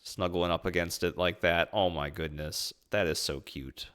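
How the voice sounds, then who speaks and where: A man with a fairly low voice chats casually over his travel photos, tossing out amused, goofy remarks. He sounds relaxed, recorded indoors. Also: clean tone. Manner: playful and amused, drawn-out silly asides. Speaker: vlogger recapping a trip. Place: indoors at home streaming.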